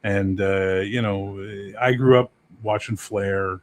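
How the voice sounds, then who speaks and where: A man's voice: lowish voice, slow. A middle-aged man, a game master guest, telling rambling, profane stories in casual podcast chat. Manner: rambling, profane, animated storyteller.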